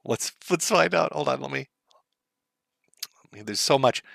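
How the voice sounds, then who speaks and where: A man's voice: mid-range voice, animated, normal speed, vocal fry, fairly bright tone, dry recording. A middle-aged man giving sarcastic, mocking commentary on a live stream for his chat.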